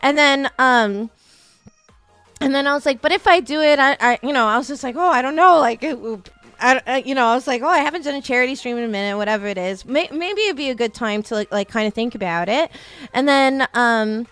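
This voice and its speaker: A woman's voice: on the high side, fairly bright tone, clear, resonant tone. A woman hosting a charity stream, chatting casually and rambling with lots of fillers. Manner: rambling, filler-heavy, with emotional outbursts. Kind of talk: casual chat.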